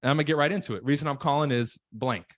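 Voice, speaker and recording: A man coaching on sales calls in casual podcast chat, emphatic, acting out nervous callers in quick voices. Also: fairly high pitch, a bit bright, no room sound. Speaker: real estate coach.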